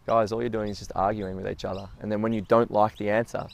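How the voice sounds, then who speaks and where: A man's voice: lowish voice, little pitch movement, fast talker, vocal fry. A man talking casually and reflectively, telling a story and acting out the quoted lines, with fillers and repeated words. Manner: storytelling, acts out quoted dialogue. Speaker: speaker sharing personal reflections.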